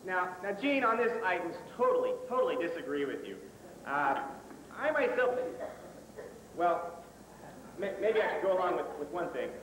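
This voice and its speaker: A man's voice: high-pitched, big pitch swings, moderate pace, pauses often, noisy background. Stammering pompous man, echoey hall. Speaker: student comedy skit performer. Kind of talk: mock film-critic banter. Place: stage in a hall. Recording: echoey hall on old camcorder tape.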